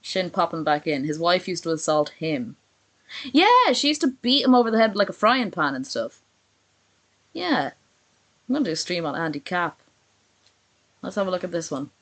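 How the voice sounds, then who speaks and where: A woman streaming from home with a slightly low voice, talking casually and sarcastically. She reacts as she goes and reads messages aloud in little put-on voices. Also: very animated, moderate pace, pauses often, fairly bright tone. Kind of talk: casual live stream commentary.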